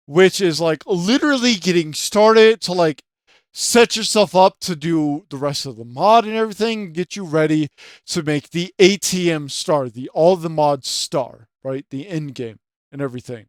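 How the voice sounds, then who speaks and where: Late at night and trying to stay quiet, the channel host rambles through a profane, filler-laden rant about a video game. He has a fairly high male voice at normal speed, recorded cleanly in a studio with no echo.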